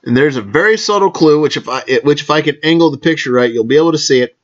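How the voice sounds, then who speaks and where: Man, vlog host, casual rambling chat, self-correcting, fairly high voice, muffled lo-fi sound. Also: expressive, fast talker. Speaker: podcast host.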